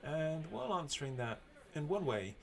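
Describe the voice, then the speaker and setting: A man's voice: on the high side, sing-song, normal speed, gravelly, crowd noise. A British man hosting a podcast from home, chatting easily with restarts and fillers. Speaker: podcast host. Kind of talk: casual chat and scripted episode intro. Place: home, remote call.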